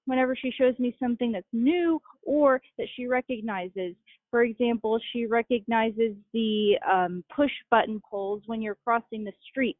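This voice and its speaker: A young adult woman answering interview questions in a measured, matter-of-fact way over a phone call. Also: on the high side, no echo. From Utah. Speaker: guest. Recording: tinny phone line.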